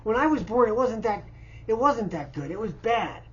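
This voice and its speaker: A man's voice: sits high, sing-song, normal speed, dull audio. A man in his fifties from Indiana, stammering and repeating words as he pleads for help indoors in a cluttered house. He sounds distressed and overwhelmed. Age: 50s. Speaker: vlogger asking for help. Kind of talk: unscripted personal appeal.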